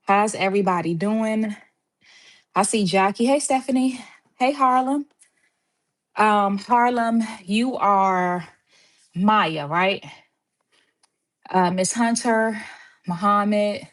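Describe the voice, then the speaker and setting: A woman's voice: mid-range voice, slow pace, long pauses. A woman from Washington, D.C. hosting a casual live stream, greeting viewers by name and a little out of breath after running downstairs. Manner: chatty, greets viewers by name, says y'all. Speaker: host of a live stream for medical assistants. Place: home.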